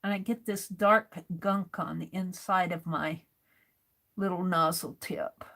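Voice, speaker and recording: A woman's voice: on the low side, fairly even intonation, a little slow, creaky, a bit bright. An American woman hosting a craft livestream, chatting casually and muttering to herself as she sorts through supplies.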